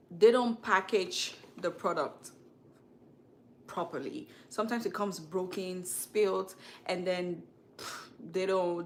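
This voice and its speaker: Chatty, slow-talking woman host. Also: mid-range voice, a little hiss or hum. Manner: chatty, laughs often, gossipy. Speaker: beauty channel host. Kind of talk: casual live chat reading comments.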